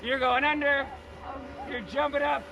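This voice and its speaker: High-voiced playful male teacher outdoors. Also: measured pace, dull audio, music in the background. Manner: playful, energetic, repeats key words. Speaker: science teacher. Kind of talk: outdoor hands-on lesson. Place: outdoors in snow.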